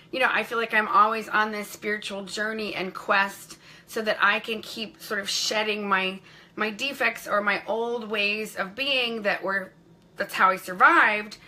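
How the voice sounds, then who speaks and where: A woman's voice: medium pitch, bright, forceful tone. A middle-aged woman speaking coach telling her personal story on a live stream, effusively greeting viewers by name as they join.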